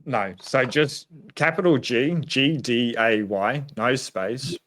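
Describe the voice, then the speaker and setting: A man's voice: mid-range voice, lively intonation, slow pace, fairly bright tone. A man with an Australian accent hosting a casual podcast, blunt and emphatic, swearing freely. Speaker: podcast host.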